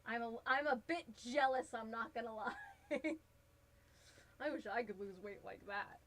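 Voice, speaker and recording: A woman's voice: on the high side, moderate pace, fairly bright tone, poor audio. A woman chatting casually while she crafts a cosplay on a live stream, rambling, laughing often and answering her chat. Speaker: cosplay livestreamer.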